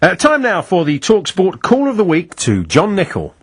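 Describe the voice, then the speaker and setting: A man's voice: sits high, huge pitch swings, moderate pace, breathy edge. A man hosting a sports radio show, teasing and wry. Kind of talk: jokey radio banter. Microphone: studio microphone.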